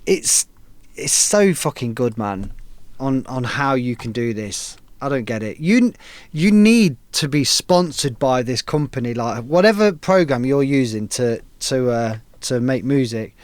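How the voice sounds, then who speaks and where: A man's voice: medium pitch, animated, unhurried, darkish tone, dry recording. A man casually hosting a live stream, giving laid-back, enthusiastic feedback on music tracks with plenty of slang.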